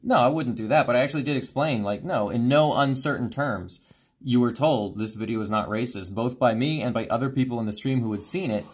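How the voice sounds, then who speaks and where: A man co-hosting a stream, commenting casually and reading forum posts aloud with quick asides. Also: mid-range voice, slightly rough. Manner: animated, quick, reads quotes in asides. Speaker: streamer co-host.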